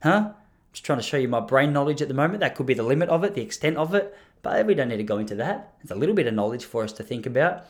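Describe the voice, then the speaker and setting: Man in his thirties, live stream host, rambling and self-deprecating, mid-pitched, casual storyteller. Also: lively intonation, racing.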